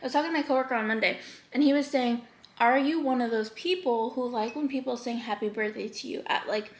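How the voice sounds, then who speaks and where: A young woman chatting bubbly and fast in a mukbang vlog, laughing often and reading confessions aloud. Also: a little high. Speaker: YouTuber. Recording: echoey room.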